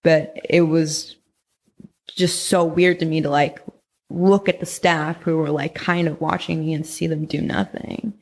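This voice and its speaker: Gravelly young woman telling a story. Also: sits low, fairly even intonation, unhurried, darkish tone. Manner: rambling, heavy use of "like", frequent swearing. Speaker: podcast guest recounting experiences. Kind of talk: casual storytelling in conversation.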